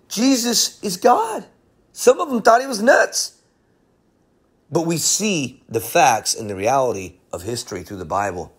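Husky, animated preacher man. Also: medium pitch. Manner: animated, jokey, slips into quick character voices. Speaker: pastor and bible teacher. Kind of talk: casual verse-by-verse sermon.

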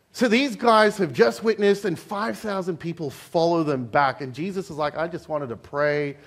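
A young Australian man with an Australian accent giving a conversational church sermon, joking and acting out the people in the story. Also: on the high side. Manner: conversational, joking, acts out quoted voices. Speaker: pastor. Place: church hall.

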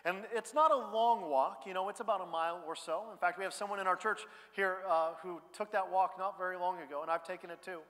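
A male pastor preaching a sermon in a conversational way, dropping quiet and then rising loud. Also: high-pitched, steady tone, fast talker, few pauses. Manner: conversational preaching, swings between hushed and loud. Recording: church hall reverb.

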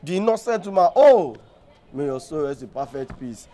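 A young man with a Nigerian accent doing an excitable, pleading, scolding comedy sketch role. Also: a little high, normal speed. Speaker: comic actor. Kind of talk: comedy sketch acting in Pidgin and English.

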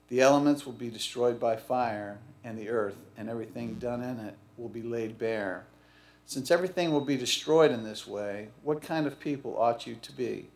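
A man reading a scripture passage aloud in church in a measured, solemn way. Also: medium pitch, a little mellow. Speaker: scripture reader. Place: church sanctuary. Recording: echoey church room.

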